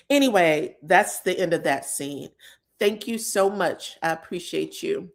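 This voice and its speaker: A woman in casual chat, recapping reality-show scenes for viewers with animated, emotional delivery and free swearing. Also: fairly low pitch, a little slow, vocal fry. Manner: retells scenes in others' voices.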